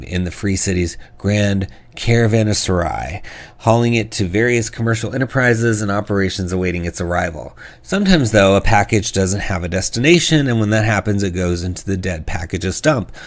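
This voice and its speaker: Low-voiced male host, casual and hesitant review delivery. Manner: hesitant, many fillers and restarts. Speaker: host reviewing tabletop game books.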